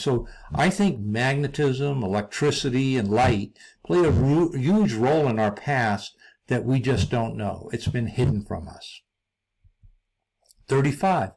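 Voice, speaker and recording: A man narrating a solo video lecture, reading from a script in a measured way, pausing between list items and sometimes restarting a word. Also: medium pitch, darkish tone. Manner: measured, reads lists with pauses and occasional restarts.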